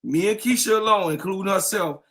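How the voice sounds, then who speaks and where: Hyped man repeating shout-outs. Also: high-pitched, a little fast. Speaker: podcast co-host. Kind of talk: casual livestream chat.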